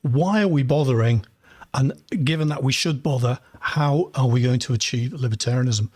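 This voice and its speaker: A man's voice: medium pitch, moderate pace, darkish tone, no room sound, clean studio sound. A man hosting a podcast interview, asking rambling, chatty questions with plenty of fillers. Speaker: podcast host. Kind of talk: conversational interview.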